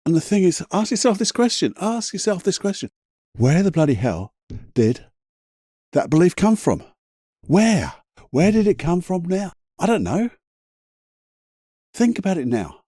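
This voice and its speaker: A man talks through a solo motivational podcast in a chatty, emphatic way, his voice husky and mellow. His pitch rises and falls a lot as he drives a point home. The sound is close and dry, with no room around it. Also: very animated, unhurried, pauses often, dry recording. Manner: chatty, emphatic, swears casually, laughs at himself. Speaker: podcast host.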